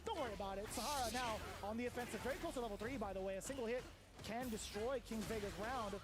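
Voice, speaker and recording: A man doing excited play-by-play commentary on a tournament, calling the action in rapid bursts. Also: very high voice. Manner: excited, rapid-fire calls.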